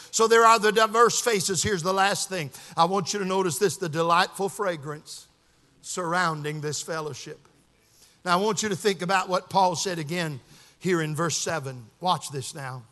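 A man preaching a sermon in a church, swinging from sing-song shouting down to hushed, quiet passages. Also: on the high side, moderate pace. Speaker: pastor. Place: church sanctuary. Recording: long hall reverb.

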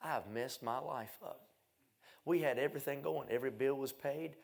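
Man, middle-aged evangelist, gravelly voice, folksy self-mocking sermon storytelling. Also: medium pitch, normal speed. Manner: folksy, self-mocking, swings from loud to hushed.

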